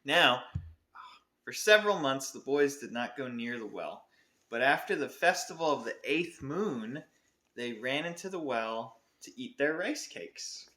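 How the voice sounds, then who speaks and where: Bright-voiced man reading a storybook. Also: medium pitch, a little slow. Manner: expressive storybook reading, self-correcting asides. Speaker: podcast co-host reading aloud. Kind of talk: reading a picture book aloud. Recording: roomy echo.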